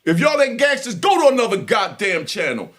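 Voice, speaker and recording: An older man, ranting loudly and with heavy profanity at viewers of his prison stories vlog. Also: high-pitched, big pitch swings, fairly quick. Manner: loud, profane, preaching to viewers. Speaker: prison story vlogger. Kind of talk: heated unscripted monologue.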